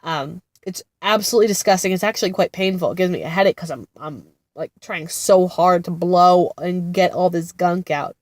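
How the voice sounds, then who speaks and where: This vlogger, a mother of two in her thirties, talks casually about her kids from a car-like spot outside a therapy center. She has a lowish voice, a moderate pace with few pauses, and no echo. Congested from illness, she rambles with frequent fillers and laughs.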